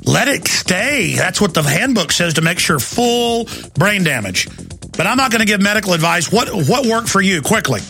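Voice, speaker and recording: Man, radio talk host, gravelly high voice, husky, angry ranting. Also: expressive, faint music behind. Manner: angry, shouting at times, fast bursts. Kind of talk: heated talk radio monologue.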